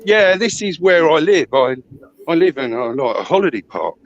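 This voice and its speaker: A man out of breath, chatting in a rambling, halting way while walking outdoors, talking into a phone. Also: fairly high pitch, big pitch swings, highs cut off. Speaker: stream guest. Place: outdoors at a holiday park.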